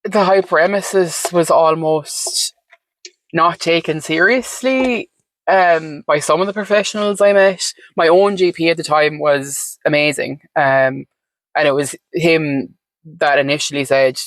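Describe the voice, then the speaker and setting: A woman's voice: low-pitched, a little slow, no echo. A woman talking candidly as an interview guest, frank and chatty with lots of fillers and the odd swear word. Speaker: podcast guest.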